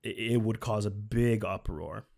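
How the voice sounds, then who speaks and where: A man's voice: fairly low pitch, moderate pace, creaky, dark tone. Earnest male streamer. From Finland. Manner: chatty, earnest, self-correcting. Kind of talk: casual reaction commentary.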